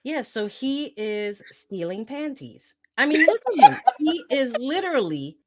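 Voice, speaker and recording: Woman, host, casual chat, animated storyteller, lively swooping pitch. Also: unhurried.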